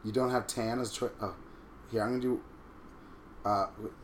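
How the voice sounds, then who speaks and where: Signing up for a website as host, this thirties-something Long Islander from New York trades crude, campy, playful wisecracks in casual conversation, his Long Island accent plain. He speaks fast in a mid-range voice with little pitch movement; the room is reverberant and there's a bit of hiss or hum.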